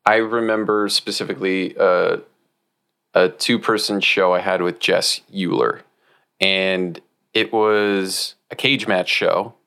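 Earnest thoughtful male co-host, lowish voice. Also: steady tone, slow pace, vocal fry, bright, forceful tone, smooth. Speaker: co-host, improv performer. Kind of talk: casual podcast chat.

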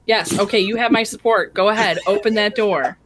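A woman's voice: mid-range voice, fairly quick, background noise. A woman takes part in a tabletop game in a casual way. She questions the others often and sounds unsure of what to do. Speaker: player.

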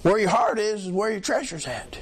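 A man preaching a sermon in a colloquial way, leading call-and-response with the congregation and often swelling into shouts. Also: high voice, animated, brisk. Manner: colloquial, peppers lines with "amen", swells into shouts.

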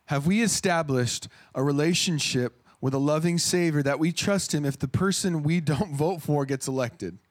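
A man in his thirties preaching a sermon in an earnest, conversational way, often restarting his phrases. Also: a little high.

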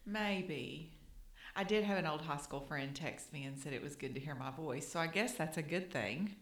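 Middle-aged Kentucky woman, lowish voice. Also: moderate pace, reverberant. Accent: Kentucky Southern US. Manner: plain-spoken, easy laughter. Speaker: podcast co-host. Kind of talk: casual chat and scripted intro.

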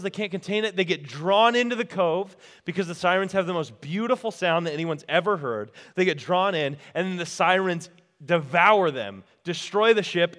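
A man's voice: sits high, a bit bright, in a large hall. A man giving a casual, storytelling sermon at a retreat, talking straight to the crowd. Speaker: retreat speaker. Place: retreat meeting room.

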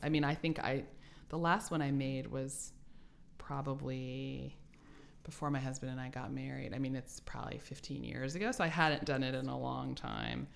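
Low-pitched woman in her forties, chatty author guest who laughs often. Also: moderate pace, creaky, a little hiss or hum. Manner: animated storyteller, laughs often. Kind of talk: casual interview chat.

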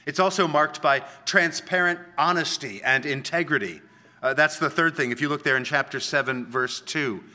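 A man preaching a sermon, explaining scripture in a conversational teaching manner, checking in with the listeners and slowing down to quote verses with emphasis. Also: medium pitch, bright, forceful tone. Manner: conversational teaching, frequent "right?" tags, slow emphatic quoting of scripture. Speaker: pastor.

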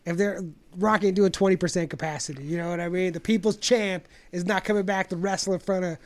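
A man talking in a casual chat, rambling and swearing as he tells long animated stories. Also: high voice, fast talker, no echo. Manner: profane, rambling, animated storyteller.

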